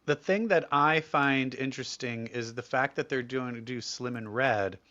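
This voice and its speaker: A man's voice: mid-range voice, a little slow, bright, forceful tone. Man, podcast co-host, casual chat, chatty, hesitant, lo-fi mic. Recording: dull lo-fi mic sound.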